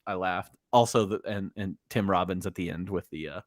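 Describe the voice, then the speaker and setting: A man co-hosting a casual movie podcast, relaxed and a little hesitant, laughing often. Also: low-pitched, a little fast. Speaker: podcast co-host. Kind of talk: casual movie review chat.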